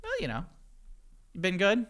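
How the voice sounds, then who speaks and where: A man's voice: high voice, wildly swooping pitch, moderate pace, a bit bright, clear, resonant tone. A man, co-hosting a casual podcast chat, rambling and swearing freely. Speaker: podcast co-host.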